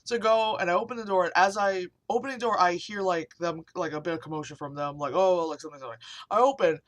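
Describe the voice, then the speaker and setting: A woman's voice: lowish voice, fast. A woman telling a story in a casual vlog rant, rambling and swearing, with lots of fillers. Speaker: vlogger.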